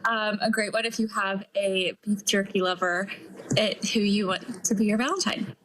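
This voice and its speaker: A woman's voice: medium pitch, steady tone, normal speed, fairly bright tone, a little hiss or hum, poor audio. A woman appearing as a TV guest and recommending products in a friendly, chatty way with some fillers.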